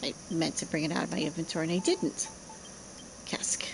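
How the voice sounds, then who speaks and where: A woman's voice: deep voice, fairly even intonation, fairly quick, gravelly, whispered, rough recording. A woman streaming a game, muttering to herself and chatting playfully as she plays. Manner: muttering to herself, playful, reads dialogue aloud. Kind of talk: casual gameplay commentary.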